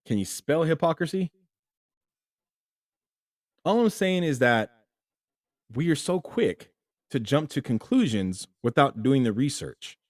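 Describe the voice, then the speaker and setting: A young man hosting a solo opinion commentary, talking animatedly and jumping to emphatic highs as he acts out imagined people. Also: very animated, unhurried, pauses often, no echo, clean studio sound. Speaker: host.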